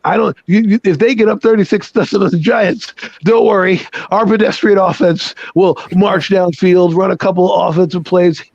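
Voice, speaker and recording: High-voiced sarcastic sports podcast man. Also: fairly even intonation, moderate pace, vocal fry, hardly any pauses, a little mellow, dry recording, muffled recording. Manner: argumentative, sarcastic, repeats himself. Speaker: podcast host. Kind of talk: heated post-game sports talk.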